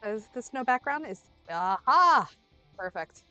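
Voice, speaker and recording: A young woman streams a game under the weather, rambling in a playful, casual way. Her pitch swings widely, jumping to sudden loud bursts. Soft music plays faintly behind her. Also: very animated, a little slow, clean tone, dry recording, highs cut off.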